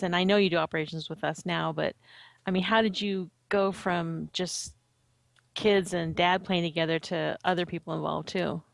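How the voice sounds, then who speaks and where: A woman's voice: lowish voice, creaky, no echo. A woman co-hosting a podcast, asking the guest rambling, searching questions. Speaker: podcast co-host. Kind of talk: casual interviewing chat.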